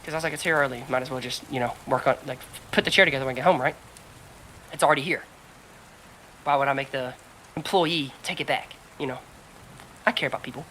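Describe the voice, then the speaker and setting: A woman co-hosting a podcast, telling a story in casual chat, animated and swearing a lot while acting out what others said. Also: extremely low pitch, fast talker, long pauses, a little hiss or hum, rough recording. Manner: animated storyteller, heavy swearing, acts out quotes. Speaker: podcast co-host.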